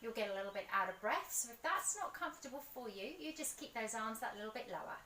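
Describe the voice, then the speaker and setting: An expressive woman leads an outdoor pilates workout at a quick pace, counting reps and offering gentle encouragement. Her voice is bright and a touch high. The audio sounds roomy and distant, with faint ambience and a little hiss or hum.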